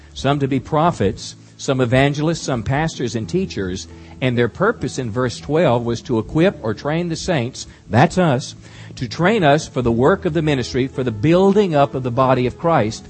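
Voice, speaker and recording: A man's voice: medium pitch, expressive, moderate pace, darkish tone. A man preaching as the pastor, earnest, reading scripture verse by verse before introducing a guest. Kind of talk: sermon. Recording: faint music behind.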